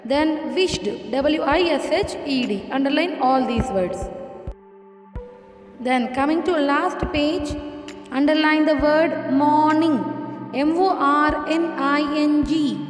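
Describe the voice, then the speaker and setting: A woman teaching young children, dictating answers and spelling each word out letter by letter in a slow, deliberate way. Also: high-pitched, roomy sound, long reverb tail, soft background music. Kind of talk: dictating a lesson, spelling words.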